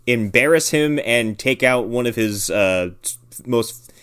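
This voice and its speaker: A man's voice: medium pitch, lively intonation, takes it slowly, fairly bright tone, smooth. Rambling, swearing man recapping a movie. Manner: rambling, swearing, many fillers. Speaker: podcast co-host. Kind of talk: casual movie recap chat.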